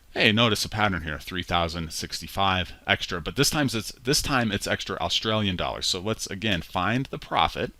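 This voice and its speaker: A male instructor with a low, bright, forceful voice narrates a screen-recorded spreadsheet tutorial with no room sound. He talks conversationally, walking through each step aloud and correcting himself along the way.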